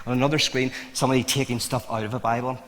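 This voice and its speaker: A man in an interview spins anecdotes with lively energy, stumbling and restarting as he goes. His voice sits at an ordinary middle pitch. A long hall reverb trails after every phrase. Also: racing. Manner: animated, many restarts, laughs at own points. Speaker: interview guest. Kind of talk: conversational storytelling.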